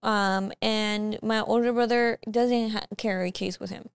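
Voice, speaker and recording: A woman co-hosting a podcast, chatting casually with blunt, quick reactions. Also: medium pitch, fairly even intonation, clear, resonant tone. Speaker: podcast co-host.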